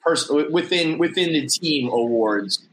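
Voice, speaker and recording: A man's voice: fairly high pitch, animated, measured pace, fairly bright tone, a little hiss or hum, low-quality recording. A middle-aged man co-hosting a casual sports podcast, rambling with restarts and easy laughter. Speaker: podcast co-host.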